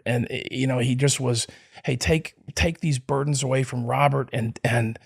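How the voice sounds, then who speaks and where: A gravelly, slightly mellow voice of medium pitch belongs to a middle-aged podcast guest. In an interview he tells a long personal story casually, wandering with many restarts and fillers.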